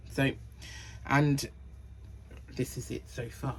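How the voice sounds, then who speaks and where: A woman's voice: very deep voice, steady tone, takes it slowly, long pauses, a little hiss or hum. A woman hosting a knitting podcast, chatting casually about her projects and counting rows and sizes under her breath. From Cornwall. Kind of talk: casual chat.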